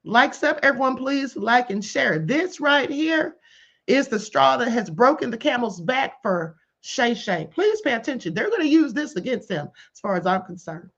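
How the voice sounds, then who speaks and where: A woman hosting a casual commentary livestream, talking to her chat in an animated way and calling viewers beloveds and honey. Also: a little high, moderate pace. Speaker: livestream host. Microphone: computer or headset mic on live stream. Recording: dull lo-fi stream audio.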